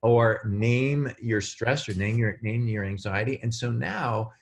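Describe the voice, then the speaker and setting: A man speaking as a guest on a podcast, explaining in an animated way and acting out quotes. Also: mid-range voice, measured pace, gravelly. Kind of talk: casual podcast chat.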